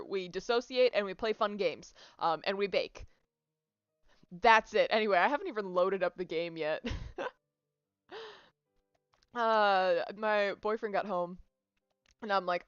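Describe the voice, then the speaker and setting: A young woman streaming from her apartment, chatting casually with viewers in a rambling, self-mocking way with quick asides. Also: mid-range voice, a bit bright, clear, resonant tone, no echo. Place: apartment room. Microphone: desk microphone. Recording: dry, dull lo-fi sound with faint music.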